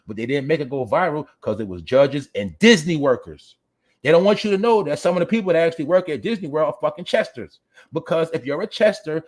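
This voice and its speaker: On his livestream commentary show, this host speaks directly to his audience, reading the chat while delivering a preachy, blunt rant full of profanity. His voice sits on the high side and sounds a little mellow.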